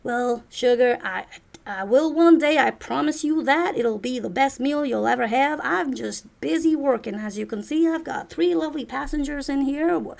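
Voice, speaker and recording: Woman doing a smooth-talking male space cabbie. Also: high-pitched, voice pushed up. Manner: charming, sweet-talking, calls people sugar. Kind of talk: tabletop role-play.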